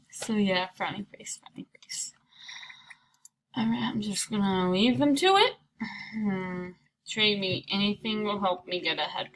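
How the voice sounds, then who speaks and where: A woman's voice: mid-range voice, a little slow, long pauses, fairly bright tone, a little hiss or hum. A slightly sick woman chatting playfully through a casual gameplay commentary, slipping into whispered asides. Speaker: gameplay video creator.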